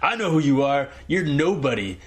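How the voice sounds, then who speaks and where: A man's voice: a little high, big pitch swings, moderate pace, pitched above the performer's own voice. A man doing an impression of a tough male wrestler taunting a rival.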